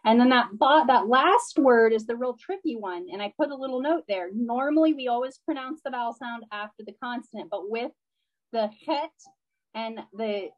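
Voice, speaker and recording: A woman with a fairly high voice teaches a live online class. She explains patiently, using plenty of fillers and checking in often with her students. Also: normal speed, lo-fi sound. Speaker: language teacher.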